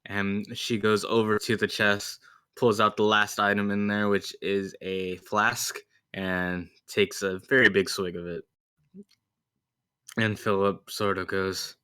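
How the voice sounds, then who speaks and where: Man, game master, bright tone, dry close sound, easygoing narration. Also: fairly low pitch, level tone, slow pace, smooth, no room sound.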